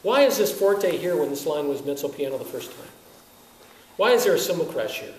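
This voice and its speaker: A man with a slightly high voice and a brisk pace lectures music teachers; he's a wind band conductor at a teaching workshop. Rhetorical questions come one after another, punctuated by frequent chuckles, all delivered with animation. Distant, echoey capture with a faint hiss.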